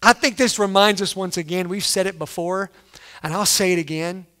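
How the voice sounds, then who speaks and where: Higher-voiced guy preaching a sermon, acts out the quotes, gets loud on the big lines. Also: moderate pace. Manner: animated, acts out quotes, sudden loud emphasis. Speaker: pastor.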